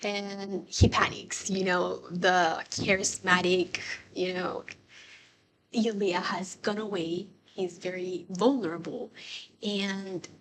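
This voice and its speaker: A young woman giving casual reaction commentary on a TV show, excitable and swearing, breaking into laughs. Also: lowish voice, slow pace, slight background noise. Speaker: show reviewer.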